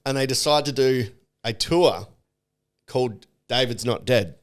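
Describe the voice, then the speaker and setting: A man co-hosting a casual podcast, telling stories in a chatty, animated way with sweary slang. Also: medium pitch, unhurried. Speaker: podcast co-host. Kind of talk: casual chat, anecdote telling.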